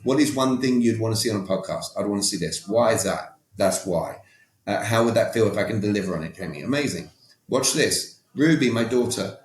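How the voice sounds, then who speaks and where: A man's voice: fairly low pitch, a little mellow, echoey room. A man talking as a podcast guest, emphatic and coaching in tone, often repeating words and asking rhetorical questions. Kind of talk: conversational coaching talk.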